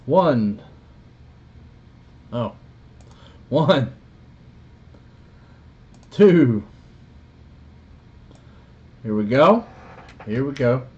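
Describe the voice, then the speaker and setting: Southern man, unhurried card-break host, easygoing and joking, lo-fi stream sound. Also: mid-range voice. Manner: relaxed, joking, chatty. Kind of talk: casual live stream commentary. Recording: dull lo-fi stream audio.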